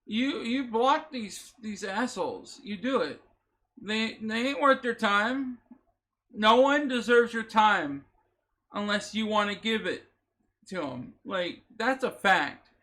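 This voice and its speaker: Heated high-voiced male vlogger. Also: lively intonation, slow pace, sharp tone. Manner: emotional, emphatic, repeats himself and swears. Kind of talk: impassioned reaction commentary.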